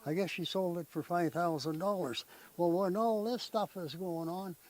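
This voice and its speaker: An older Canadian man, interviewed in conversation, tells family stories in a rambling, folksy way, often ending sentences with "eh?" His voice sits high with a darkish tone at normal speed, on a low-quality recording.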